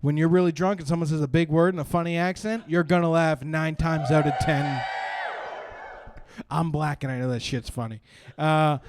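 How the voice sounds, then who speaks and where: A young man from Canada doing profane, animated stand-up storytelling on a live stream, jumping into shouted punchlines. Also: fairly high pitch, normal speed. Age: young adult. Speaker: stand-up comedian.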